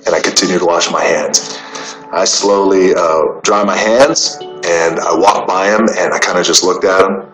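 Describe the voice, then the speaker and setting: A man talks in a low, unhurried voice, recounting stories from his life between pauses and fillers. The sound carries a roomy echo, with a faint bed of music underneath. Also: fairly even intonation, fairly bright tone. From United States. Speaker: interview guest. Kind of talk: casual storytelling.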